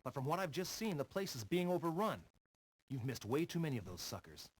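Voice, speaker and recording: A man's voice: on the high side, big pitch swings, fairly quick, a little hiss or hum, rough recording. An actor playing a stern male commander in an old full-motion video game, giving clipped, scolding orders. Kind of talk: 1990s video game acting.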